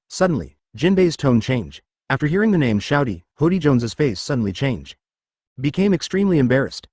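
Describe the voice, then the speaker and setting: A male narrator reads a serialized web novel aloud. His pitch moves about with plenty of life, and the sound is dry and close, with no room around it. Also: sing-song, a little fast, a little mellow, no echo.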